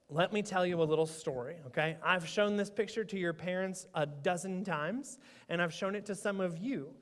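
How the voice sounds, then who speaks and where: A man leading a playful children's sermon in church, teasing and quizzing the kids. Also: high-pitched. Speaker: children's pastor. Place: church sanctuary. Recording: echoey church sanctuary.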